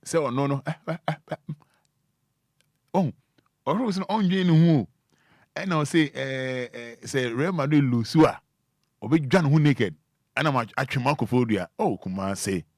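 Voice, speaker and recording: A male radio host talks in a casual, animated way, teasing as he comments. His mid-pitched voice is close and dry in the studio mic. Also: no echo. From Ghana. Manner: animated, teasing, breaks into drawn-out sounds.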